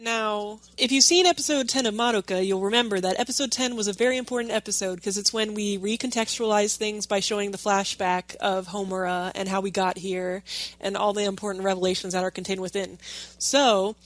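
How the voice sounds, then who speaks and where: A woman's voice: medium pitch, steady tone, a little fast. A woman co-hosting a casual podcast chat, blunt and wry, often laughing. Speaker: podcast co-host.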